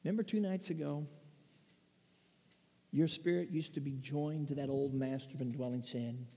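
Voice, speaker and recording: A man preaching a sermon, swinging between hushed asides and loud shouted peaks. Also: a little high, fairly even intonation, moderate pace. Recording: muffled echoey hall recording.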